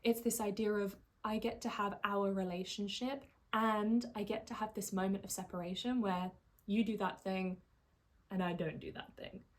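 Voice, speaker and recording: This life coach speaks at a medium pitch. Her monologue is calm and reflective, and for emphasis she eases her pace and lowers her intensity.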